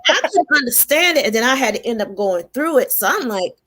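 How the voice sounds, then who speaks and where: A woman tarot reader talking casually on a radio show, animated and affirming, often laughing. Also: on the high side, fairly quick, a little hiss or hum.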